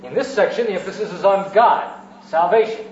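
High-voiced man preaching a sermon. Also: fairly quick, a little mellow. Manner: structured teaching, repeats phrases for emphasis. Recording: roomy, muffled church recording.

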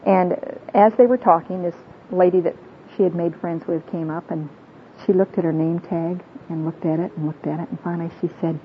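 Woman speaker, heartfelt sermon with stories, slightly low voice, lo-fi phone-like recording. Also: steady tone, brisk. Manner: earnest, tearful storyteller. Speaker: Christian women's speaker. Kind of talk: sermon-like talk with personal stories. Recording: tinny phone-like sound with faint rumble.

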